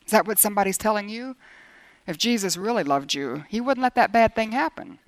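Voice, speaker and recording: A woman's voice: medium pitch, expressive, fairly quick, no echo. A middle-aged woman preaching earnestly, acting out quoted prayers as she teaches. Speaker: Bible teacher. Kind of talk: sermon.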